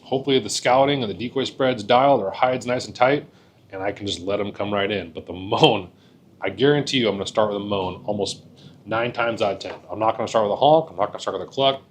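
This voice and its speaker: With slight background noise, a man with a lowish voice and quick pace teaches hunters to call geese. The instructor's talk is casual and folksy, full of repeated words and "right?" check-ins.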